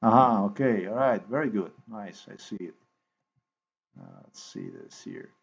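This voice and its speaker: A man's voice: on the low side, a little slow, vocal fry, breathy edge. A man telling a long rambling story in a casual monologue, repeating himself and swearing freely. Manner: repetitive, profane, excitable storytelling. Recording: dull lo-fi recording.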